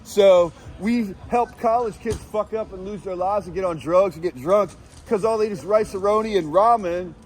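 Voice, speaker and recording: A man doing a satirical street report outdoors at night, rambling with crude deadpan jokes as he quizzes passers-by. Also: high-pitched, slight background noise. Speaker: street vlogger asking passers-by questions. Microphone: handheld camera.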